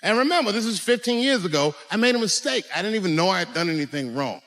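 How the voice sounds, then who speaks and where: A man doing profane, animated stand-up storytelling on stage with a handheld mic, punching up lines with sudden shouts. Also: high voice, fast talker. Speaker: stand-up comedian. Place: stage in a large venue. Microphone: handheld microphone. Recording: echoey live venue.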